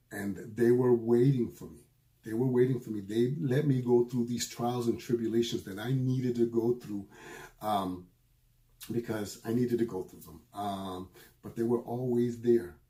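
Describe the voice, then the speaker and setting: A middle-aged man, a spiritual medium, telling a personal story in an earnest, emotional way, often halting and repeating his phrases. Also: medium pitch, fairly even intonation, dark tone.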